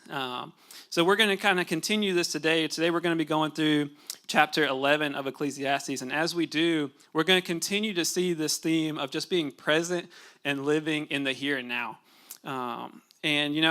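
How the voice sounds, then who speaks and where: A young man giving a casual, conversational sermon in a church, relaxed and chatty, with fillers and asides to the congregation. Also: on the high side. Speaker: pastor. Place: church sanctuary.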